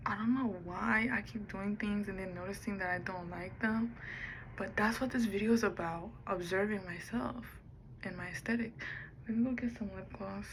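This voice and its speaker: A woman's voice: medium pitch, fairly even intonation, normal speed, fairly bright tone, a little hiss or hum, low-quality recording. A woman talking to the camera in a rambling personal vlog, musing aloud and drifting between topics. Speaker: vlogger.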